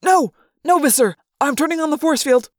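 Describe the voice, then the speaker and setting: Woman reader doing a nervous male alien underling, high, anxious, dry close sound. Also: expressive, normal speed, no echo, natural voice. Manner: nervous, stammering, eager to obey. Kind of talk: fan audiobook reading.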